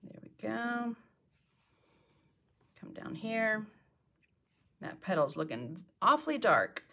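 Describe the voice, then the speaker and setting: A woman's voice: mid-range voice, very animated, slow, bright, forceful tone. A middle-aged woman teaching a live painting tutorial, chatty and talking to herself as she works. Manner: chatty, talks to herself while working. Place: home art studio.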